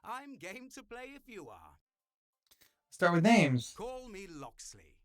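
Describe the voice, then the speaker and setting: A man's voice: high-pitched, big pitch swings, slow pace, voice pushed up, heavily acted. A man voicing a courtly, roguish male arcade thief with theatrical, old-fashioned phrasing, reading a visual novel aloud.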